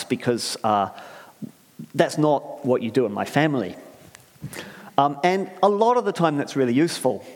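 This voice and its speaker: Male preacher, casual and rambling with a very animated delivery; echoing church hall. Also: fairly high pitch. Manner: rambling, chatty, many fillers and restarts, asks the audience questions. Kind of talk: conversational sermon.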